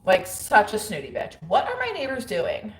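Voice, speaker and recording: A woman's voice: medium pitch, huge pitch swings, normal speed. A woman in her thirties hosting a casual livestream, chatting frankly with viewers, laughing often and using lots of fillers. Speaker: livestream host. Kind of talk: casual livestream chat reading viewer comments. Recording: roomy echo.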